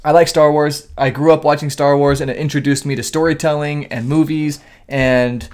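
A man in his thirties co-hosting a casual talk show, explaining things in an earnest, steady way. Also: fairly high pitch, moderate pace, clean tone. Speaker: co-host. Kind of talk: casual podcast chat.

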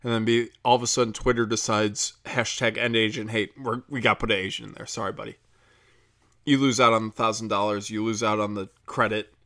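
A man's voice: fairly low pitch, a little fast. Profane ranting man, heated monologue. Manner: profane, heated, animated ranting with mocking quoted voices. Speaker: comedian podcast host.

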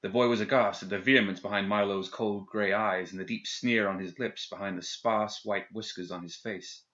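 A man narrating an audiobook in a steady, measured reading. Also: fairly low pitch. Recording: dull lo-fi recording.

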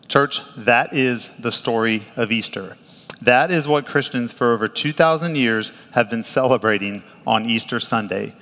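A man's voice: medium pitch, sharp tone. A male pastor preaches in an easy, conversational way, laughing now and then and restarting his sentences. His mid-range voice carries a long reverb, as in a large hall. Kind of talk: sermon.

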